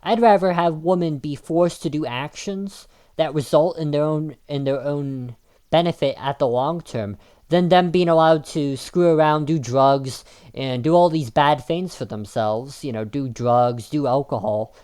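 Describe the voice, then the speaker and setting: A man's voice: on the high side, a little slow, darkish tone, clear, resonant tone. A man delivering an argumentative opinion monologue in a combative manner, with frequent restarts and filler ums. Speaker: video commentator.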